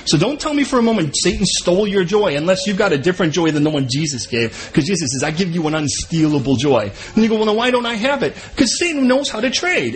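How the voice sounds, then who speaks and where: A man's voice: sits high, slight background noise, low-quality recording. A man preaching a sermon as pastor, in a conversational way and often repeating and restarting his words.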